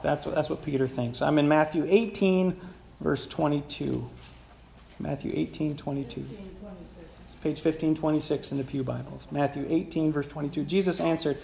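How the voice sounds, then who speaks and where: Conversational pastor preaching in an echoey church. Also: male voice, fairly high pitch, steady tone, moderate pace, vocal fry, darkish tone. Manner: conversational, asks the congregation questions. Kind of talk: sermon. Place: church sanctuary.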